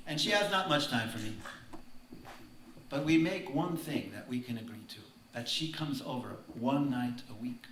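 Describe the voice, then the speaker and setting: A man telling a story on stage in slow, simple broken English, breaking into song now and then, heard from far off in a large hall. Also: mid-range voice, fairly bright tone, slight background noise. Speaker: stage performer. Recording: roomy hall from far off, guitar behind.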